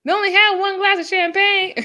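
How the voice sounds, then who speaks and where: A young woman co-hosting a casual live review chat over a video call, laughing often and telling stories with energy. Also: very high-pitched. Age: young adult. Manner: laughs often, animated storytelling. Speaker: co-host.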